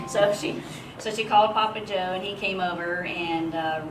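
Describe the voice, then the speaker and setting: At a memorial gathering hall, a woman shares personal eulogy stories in a chatty manner, laughing often. Her mid-range voice holds a steady tone at a moderate pace. The recording is noisy, with an echoey room and a distant mic.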